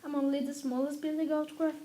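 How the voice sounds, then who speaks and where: A woman's voice: sits high, level tone, fast, dark tone, voice pushed up, natural voice. A woman reading aloud as the smallest billy goat, who begs the troll in a little voice. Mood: pleading. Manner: pleading, small voice. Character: tiny young billy goat, pleading and timid.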